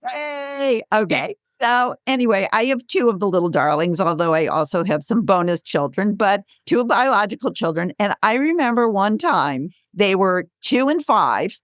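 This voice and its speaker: A woman in her sixties, a guest author and speaker, telling stories in an interview with lively, laughing delivery. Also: moderate pace, few pauses, dry recording, clean studio sound. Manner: animated, acts out quotes with bright pitch jumps, laughs often. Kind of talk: conversational storytelling.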